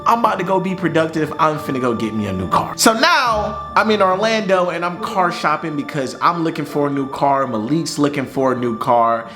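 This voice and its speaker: A young man telling a personal story in a casual vlog, animated, slangy and profane. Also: a little high, a little fast, hardly any pauses, over music.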